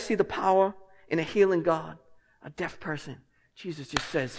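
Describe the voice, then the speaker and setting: A man preaching a sermon as pastor, moving between quiet, low passages and loud, emphatic ones. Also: normal speed, long reverb tail, a little hiss or hum.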